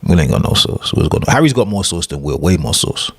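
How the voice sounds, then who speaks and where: A young British man chatting excitedly and using slang while he reacts to a video on a live stream. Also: low voice, fast. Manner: chatty, slangy, hyped, talks over the video. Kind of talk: casual live-stream commentary.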